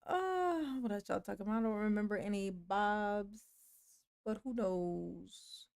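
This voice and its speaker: A woman hosting a casual livestream, greeting viewers in the chat, playful and laughing often with drawn-out "yes, honey" replies. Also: medium pitch, creaky, a little mellow. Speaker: livestream host. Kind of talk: casual livestream chat, reading and answering a live chat.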